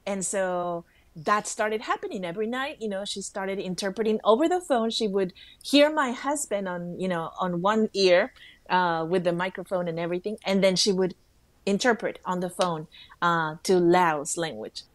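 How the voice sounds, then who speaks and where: A woman co-hosting a faith talk show, telling a story with lively quoted voices. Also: medium pitch, moderate pace, dry recording. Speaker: co-host.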